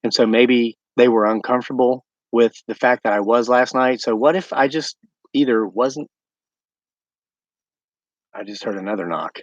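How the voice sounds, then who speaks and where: A rambling American man chats with viewers on a night-time livestream from his homestead. His voice sits at an everyday middle pitch and comes through dry and a little dull, with no room around it. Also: normal speed, pauses often, dry recording. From United States. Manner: chatty, rambling, talks to live viewers. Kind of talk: casual livestream chat. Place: outdoors at night by his woods.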